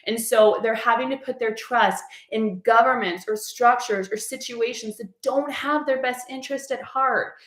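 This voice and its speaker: A woman giving a heartfelt spiritual message in a casual, earnest way, peppered with "like". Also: high voice. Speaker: spiritual coach. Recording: echoey room.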